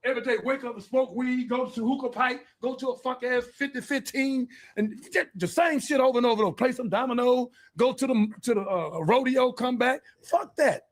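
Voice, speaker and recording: A man hosting a podcast, delivering a fiery, profane, preachy monologue and breaking into shouts. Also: very high-pitched, normal speed, hardly any pauses. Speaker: podcast host. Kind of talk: heated monologue.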